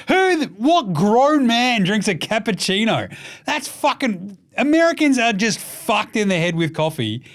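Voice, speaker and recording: Australian male host, slightly high voice, blunt and profane, casual sports rant. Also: sing-song, moderate pace. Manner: gets loud and high when ranting. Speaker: basketball show host.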